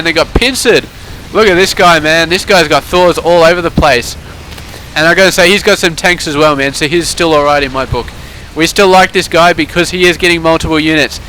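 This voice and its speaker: A man casts a strategy game replay in a loose, sarcastic commentary style. His voice sits a little high and sounds bright and forceful. He keeps things casual and chatty. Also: slight background noise. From Australia. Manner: laid-back, sarcastic, keeps tagging lines with "man". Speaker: game caster.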